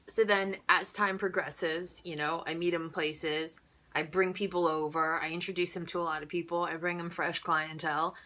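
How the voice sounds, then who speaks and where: A woman in her thirties telling a story casually to camera, animated and rambling, laughing often. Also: lowish voice, normal speed.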